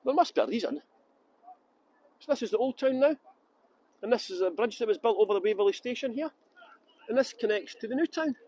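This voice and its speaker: High-voiced joking Scottish man. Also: expressive, brisk, pauses often, darkish tone, rough recording. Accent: Scottish, Edinburgh. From Scotland. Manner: jokey, self-mocking, chatty. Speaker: walking tour guide. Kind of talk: live-streamed walking tour, joking chat. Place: outdoors on city streets.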